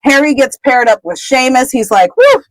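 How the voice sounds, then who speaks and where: A woman's voice: high voice, normal speed, dry recording, low-quality recording. A woman co-hosting a podcast, chattily retelling a chapter, laughing often and trailing off with "whatever.". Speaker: podcast co-host. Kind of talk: casual chapter recap.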